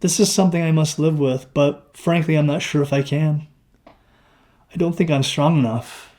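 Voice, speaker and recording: A man reading his own novel aloud in the first person with a dry throat, expressive and acting out the dialogue. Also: a little high, moderate pace.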